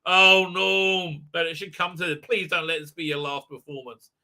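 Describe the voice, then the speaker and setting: A man with a bright, sharp, fairly high voice talks into a desk microphone, recapping a show for a live stream. He is heated and indignant, and he trips over himself with restarts as he goes. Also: flat delivery, moderate pace. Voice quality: frequent filler sounds and restarts, heated, indignant. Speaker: show host.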